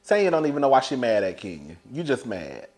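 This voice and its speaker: A man giving a casual, sassy recap of a reality show, laughing often and calling his viewers "girl" while swinging between loud and hushed. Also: mid-range voice, sing-song, quick pace.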